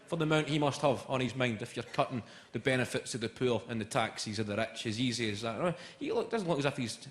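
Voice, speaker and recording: A young Scottish man doing a stand-up comedy set, swearing and shouting punchlines, often laughing as he talks. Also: medium pitch, expressive, fast talker. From Scotland. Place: large comedy venue with live audience. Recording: echoey venue with loud crowd.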